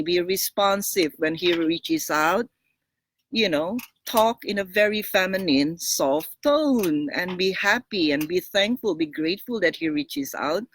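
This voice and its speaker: In a loose, chatty monologue, a female relationship coach dishes out blunt, frank advice, laughing animatedly between points and frequently restarting or repeating words. Her voice sits mid-range, with slight background noise.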